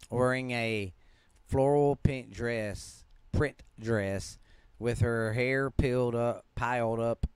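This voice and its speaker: Here a podcast host with a smooth, medium-pitched voice reads ghost stories aloud without any echo. He has a Southern US accent and a laid-back, yawning delivery, regularly stumbling and restarting words.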